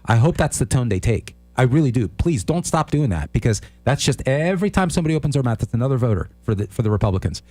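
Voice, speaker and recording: A man's voice: mid-range voice, sing-song, quick pace, hardly any pauses, a little mellow, no room sound. A man co-hosting a political talk show, speaking in a sarcastic, emphatic way and repeating his pleas for effect. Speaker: co-host.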